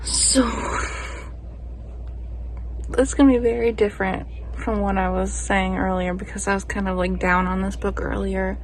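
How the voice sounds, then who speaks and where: A woman's voice: medium pitch, steady tone, normal speed, long pauses, slight background noise. A young woman talking casually at home, gushing about books with lots of "like" fillers. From Florida, USA. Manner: chatty, gushing, many "like" fillers, baby-talks to her pet. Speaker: book vlogger. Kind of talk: casual book review chat.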